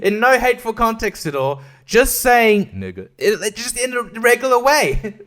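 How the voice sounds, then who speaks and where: A man's voice: very high voice, animated, normal speed, a bit bright. A young man hosting a solo podcast, ranting crudely and sarcastically, rambling and laughing often. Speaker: podcast host. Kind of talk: casual solo podcast rant.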